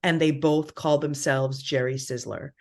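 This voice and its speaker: A middle-aged woman co-hosting a podcast in casual chat, candid and animated, swearing freely. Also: sits low, measured pace, creaky. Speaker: podcast co-host.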